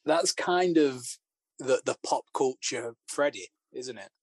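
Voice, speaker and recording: A man's voice: mid-range voice, animated, slow, breathy edge, no room sound. Man co-host, wry reflective film commentary, dry close sound. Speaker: podcast co-host. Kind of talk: casual chat.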